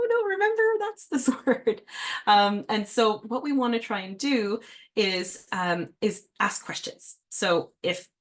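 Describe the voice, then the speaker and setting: A woman's voice: mid-range voice, a bit bright. Casual, friendly woman reading specialist. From Canada. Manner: friendly, casual teaching with fillers. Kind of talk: parent workshop talk.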